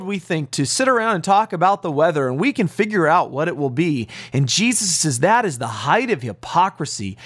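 Urgent, lively-voiced male radio preacher. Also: on the high side, no echo, clean studio sound. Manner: earnest, urgent preaching with emphatic repetition. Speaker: pastor and radio teacher. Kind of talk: radio Bible teaching.

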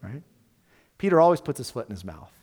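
A male pastor preaching a sermon in an animated, conversational way, full of rhetorical questions. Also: medium pitch, racing, long reverb tail, slight background noise.

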